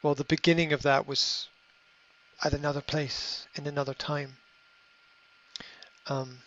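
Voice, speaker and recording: A middle-aged man hosting a podcast, giving a motivational monologue in a halting way, repeating words and filling pauses with ums. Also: fairly high pitch, flat delivery, a bit bright, a little hiss or hum. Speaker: podcast host. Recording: slightly dull lo-fi audio.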